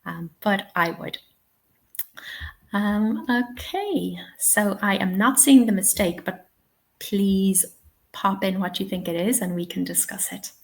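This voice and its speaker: A woman's voice: medium pitch, slow pace, gravelly. A woman hosting a live webinar, patiently answering questions and giving spoken examples. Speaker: English teaching trainer.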